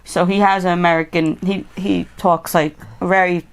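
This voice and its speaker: Low-voiced woman chatting about movies. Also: flat delivery, moderate pace, smooth. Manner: chatty, rambling movie recaps. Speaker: podcast co-host. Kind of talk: casual chat.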